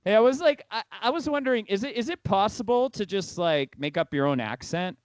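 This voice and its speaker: High-voiced chatty male podcast host. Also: animated, brisk, no room sound. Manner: chatty, filler-heavy, giggly. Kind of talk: casual chat.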